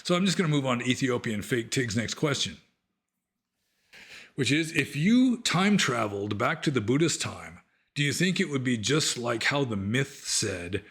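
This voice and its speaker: A man's voice: mid-range voice, lively intonation, normal speed, a bit bright. A middle-aged man and former monk, casually answering listener questions in a rambling, conversational way. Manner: rambling, conversational, many fillers. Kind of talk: casual Q&A talk.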